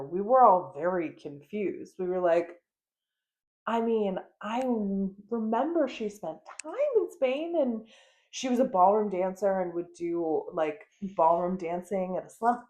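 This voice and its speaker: A woman's voice: fairly low pitch, mellow. Chatty, frank woman podcast host. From United States. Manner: chatty, frank, swears, frequent fillers and laughs. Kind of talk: casual chat.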